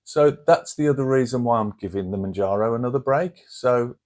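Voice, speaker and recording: A middle-aged man with a Brummie accent from Birmingham, England, hosts a channel and chats casually to camera in a rambling, down-to-earth way. His medium-pitched voice is a little mellow and a little fast.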